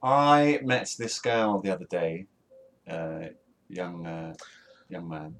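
A man's voice: low-pitched, animated, slow pace, fairly bright tone. A British man co-hosting a podcast, chatting casually in a rambling, self-mocking way with lots of restarts and laughter. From Britain. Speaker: podcast co-host. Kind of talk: casual banter.

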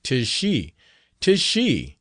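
A man reading the part of a young guide who excitedly recognizes his mother. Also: medium pitch, unhurried, dry recording, clean studio sound, pitched above the performer's own voice. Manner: excited exclamations.

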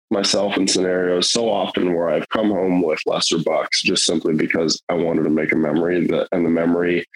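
A man's voice: low-pitched, husky, low-quality recording. A middle-aged man telling a hunting story in casual, rambling, earnest talk, with many fillers and restarts.

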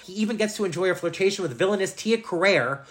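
A man co-hosting a podcast, talking through an old action movie in a loose, animated way. He swears freely and acts out quotes from the film. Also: high-pitched, quick pace. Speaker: podcast co-host. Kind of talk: casual movie chat.

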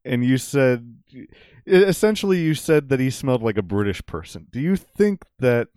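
A man's voice: medium pitch, a little mellow, smooth, no room sound, clean studio sound. A man hosting casual podcast chat, rambling through hesitant questions.

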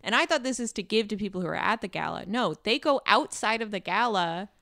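A young adult woman hosting a podcast, chatting casually and telling animated stories with quoted voices. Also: medium pitch, fairly quick, creaky, dry recording, studio quality. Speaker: podcast host. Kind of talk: casual chat.

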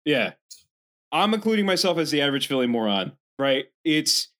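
A man co-hosting a podcast in casual chat, profane and rambling, slipping into animated impressions. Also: a little high, normal speed. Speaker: podcast co-host.

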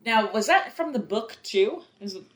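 A woman's voice: on the high side, animated, normal speed. A woman co-hosting a podcast, chatting casually about a film with dry asides and frequent giggles. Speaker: podcast co-host.

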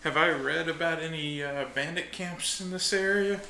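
A man's voice: fairly high pitch, moderate pace, creaky, sharp tone. A man playing a tabletop game, making playful quips. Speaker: player. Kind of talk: casual game chat. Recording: echoey room, faint noise.

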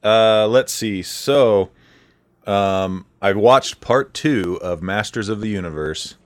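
A man talks through his weekly recommendations on a podcast with plain enthusiasm. His voice is low-pitched, and the sound is dry and close, with no room in it. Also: slow, no echo. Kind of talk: casual chat.

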